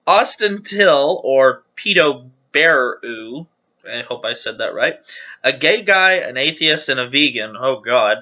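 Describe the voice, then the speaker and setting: A man's voice: mid-range voice, expressive, takes it slowly, bright, forceful tone, dull audio. A man hosting his channel, casually reading viewer jokes aloud with chatty, giggly, self-deprecating asides.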